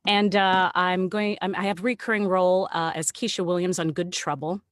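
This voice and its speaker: A woman with a lower-pitched voice shares stories as a guest on a video call. She talks animatedly, laughs often and keeps stopping to restart her sentences. The sound is close and dry. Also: fairly even intonation, moderate pace, no echo. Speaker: actor and guest. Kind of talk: casual storytelling on an online salon.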